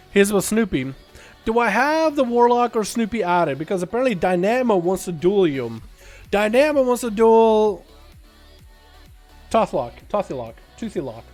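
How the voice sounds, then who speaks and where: A young man hosting a casual gaming livestream, sick, talking in an excitable, rambling way and laughing often. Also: high-pitched. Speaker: livestream host. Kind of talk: casual gaming stream chat.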